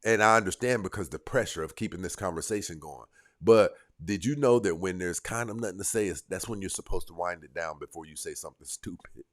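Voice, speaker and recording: A man with a very deep, low voice lectures his viewers on dating. He is blunt and emphatic, and he scolds and presses his points hard. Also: fairly quick. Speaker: dating coach. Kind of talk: direct-to-camera advice monologue.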